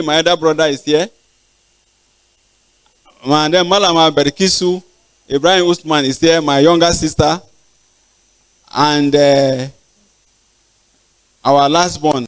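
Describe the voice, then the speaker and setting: An older man with a Nigerian accent, a professor giving thanks in a lecture, speaking haltingly with pauses and repeated words. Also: fairly high pitch. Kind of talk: acknowledgements in a formal lecture. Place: large auditorium.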